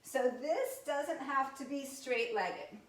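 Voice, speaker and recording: A woman in her thirties, a yoga instructor, giving gentle movement and breathing cues in a live class with chatty, candid asides. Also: high-pitched, slow. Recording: roomy sound from a distance from the mic.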